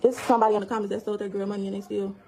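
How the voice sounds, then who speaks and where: A woman's voice: mid-range voice, flat delivery, racing, gravelly, a crowd in the background. A woman ranting heatedly on a livestream, angry and profane, often laughing as she talks. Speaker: mother speaking on a livestream.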